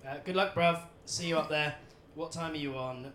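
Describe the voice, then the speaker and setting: A man's voice: fairly high pitch, normal speed, fairly bright tone, echoey room, a little hiss or hum. A man from England in a live audience, reading a submitted question aloud and stumbling over words. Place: comedy venue with live audience.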